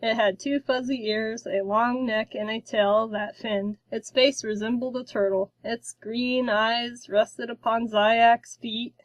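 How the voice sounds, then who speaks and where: A woman narrating a children's storybook in a slow, careful reading. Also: fairly high pitch, steady tone, dry recording, lo-fi sound.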